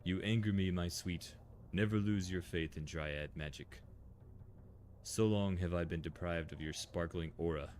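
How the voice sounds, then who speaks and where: A man's voice: sits low, a little slow, a little mellow, slight background noise. A man reading as a doting dryad queen. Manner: gushing, theatrical endearments. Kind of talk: reading game dialogue aloud.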